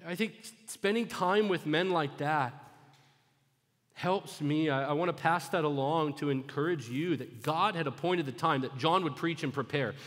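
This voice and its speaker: Preaching man in a reverberant church hall. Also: moderate pace. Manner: storytelling, swings from loud urgent exhortation to hushed low retelling. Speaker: pastor. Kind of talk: sermon. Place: church sanctuary.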